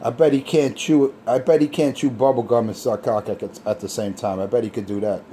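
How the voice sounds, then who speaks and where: A man's voice: medium pitch, fairly even intonation, a little fast, noisy background. A man in casual trash talk, scornful and ranting.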